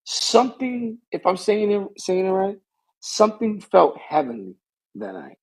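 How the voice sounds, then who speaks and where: Young wrestler guy rambling through a story, raspy and kinda breathy, keeps looping back. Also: high-pitched, very animated, measured pace, darkish tone, low-quality recording. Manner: rambling, keeps restarting with a stock phrase. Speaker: pro wrestler guest. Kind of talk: casual storytelling.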